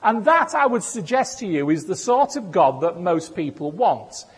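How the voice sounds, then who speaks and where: A man's voice: sits high, big pitch swings, normal speed, breathy edge. A man giving a sermon in a conversational way, with self-deprecating humor. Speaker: preacher. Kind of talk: sermon with personal stories. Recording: echoey hall.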